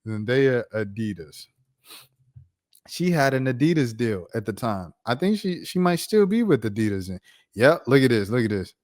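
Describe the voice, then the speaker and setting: A man of about thirty tells a story to his channel, loose and slangy, with an animated delivery. His voice sits at an ordinary middle pitch. He talks casually, like he is chatting with friends. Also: moderate pace. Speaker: YouTuber.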